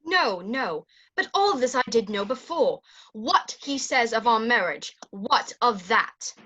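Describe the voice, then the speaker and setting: A woman's voice: fairly high pitch, expressive, slow pace, a bit bright, highs cut off, full character voice. A woman acting a young, impatient, lovesick Juliet in an amateur Shakespeare reading, pleading and delivering the verse eagerly over a video call. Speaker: actor in an online Shakespeare reading. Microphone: video call microphone.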